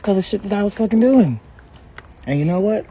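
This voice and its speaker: A man praying aloud to his ancestors, telling stories bluntly and candidly with constant swearing and sudden rises in pitch and loudness. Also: a little fast, breathy edge. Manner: blunt, heavy swearing, storytelling; animated shifts in pitch and loudness. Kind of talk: candid spoken prayer to ancestors. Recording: dull lo-fi sound with faint ambience.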